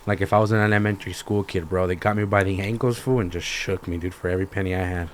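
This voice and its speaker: A man's voice: low-pitched, fast talker, slight background noise. A young man, hosting a podcast and ranting in casual, slangy, profanity-heavy storytelling. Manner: slangy, animated storytelling with lots of swearing. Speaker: podcast host.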